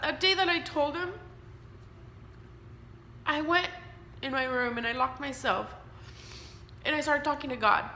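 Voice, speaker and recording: A woman in her thirties tells her own story in a casual, frank way and acts out the people she quotes. Her voice is bright and sits a little high. The room echoes, and a faint hiss runs underneath. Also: expressive, a little slow, long pauses. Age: 30s. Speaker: vlogger sharing her cancer story.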